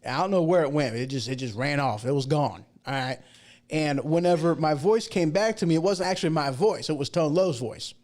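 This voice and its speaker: A man hosts a casual livestream talk show in a slightly high voice. He talks in a chatty, folksy way and rambles off into asides and jokes. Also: fairly quick, a little mellow. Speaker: show host.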